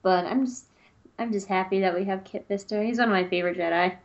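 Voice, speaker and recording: A woman co-hosts a podcast in easy, casual chat, gushing with enthusiasm. Her voice sits at an ordinary pitch, with a slightly dull, muffled recording. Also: steady tone, fast. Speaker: podcast co-host.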